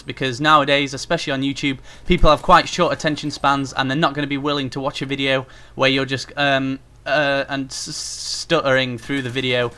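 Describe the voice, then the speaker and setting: A man's voice: mid-range voice, steady tone, a little fast, hardly any pauses, sharp tone. A young man giving casual, rambling tips on gaming commentary, with frequent fillers, as a YouTuber talking to his viewers. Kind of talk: casual spoken tutorial.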